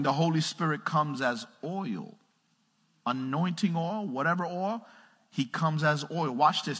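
Pastor, man; sharp husky voice, call-and-response preaching, long reverb of a church hall. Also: on the high side. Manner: call-and-response questions to the congregation; builds to raised, emphatic preaching. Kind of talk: sermon. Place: church sanctuary.

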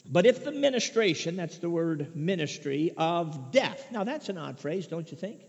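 A man from Chicago preaching a sermon, emphatic, swinging between loud declarations and hushed asides. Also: fairly high pitch, sing-song, normal speed, gravelly. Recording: dull lo-fi sound with long reverb.

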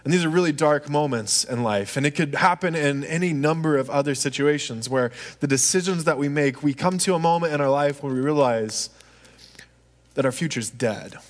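A man's voice: fairly high pitch, a little fast, hardly any pauses. Man preaching in a long-echoing hall. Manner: conversational, asks the audience "right?" often. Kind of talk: storytelling sermon.

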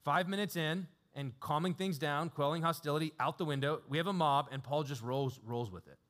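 A man delivering a sermon in a high-ish voice that sounds casual and conversational. He tells the story with frequent chuckles and hesitations. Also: fairly quick, a bit bright. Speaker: preacher.

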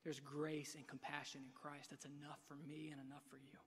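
High-voiced man preaching in a reverberant hall. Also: little pitch movement, a little fast, breathy edge. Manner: dynamic preaching, swinging from hushed to loud. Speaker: pastor. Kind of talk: sermon. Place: church sanctuary. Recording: long reverb of a large hall.

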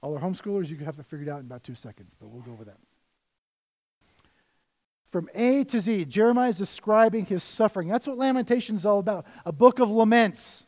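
A man preaching a conversational sermon as pastor, swinging between loud emphasis and quiet asides. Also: high-pitched, expressive, fairly quick. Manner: conversational preaching, rises and drops in volume.

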